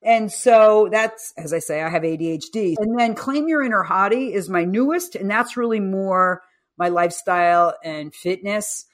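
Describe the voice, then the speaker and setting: A woman in her fifties, a guest coach and author, tells animated stories during a podcast interview, acting out the voices of people she quotes. She speaks at a moderate pace in a medium-pitched voice.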